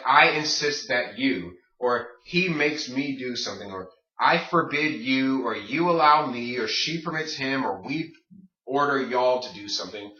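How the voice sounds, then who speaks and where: A man's voice: medium pitch, sharp tone. A man teaching a Spanish grammar lesson, explaining step by step and asking his class rhetorical questions. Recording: distant, roomy, muffled.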